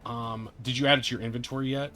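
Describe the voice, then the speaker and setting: A man's voice: mid-range voice, fairly even intonation, fast talker, music in the background. A man running a tabletop game as game master, chatty and playful, narrating with casual fillers.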